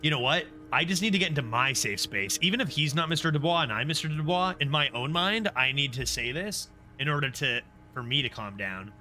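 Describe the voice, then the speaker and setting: A man streaming a video game, commenting casually in an excitable, self-mocking way. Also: on the high side, brisk, hardly any pauses. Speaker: gaming streamer. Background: game music.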